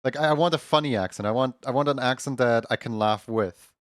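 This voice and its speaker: A man's voice: mid-range voice, fast, no room sound, clean studio sound. A man with a Central European accent, chatting casually to his livestream while drawing, rambling and talking to himself with filler words. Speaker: streamer.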